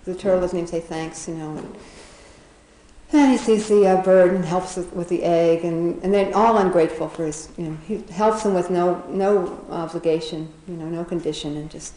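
A woman's voice: lowish voice, steady tone, moderate pace, mellow. A woman casually retelling an animal fable, rambling with fillers and chuckling as she goes. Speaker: storyteller. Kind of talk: casual storytelling. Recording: roomy echo.

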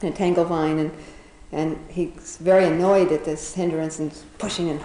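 A woman's voice: low-pitched, fairly even intonation, moderate pace, dark tone, echoey room, rough recording. A woman casually retelling a children's fable, chatty, often laughing, with many fillers and restarts. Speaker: storyteller.

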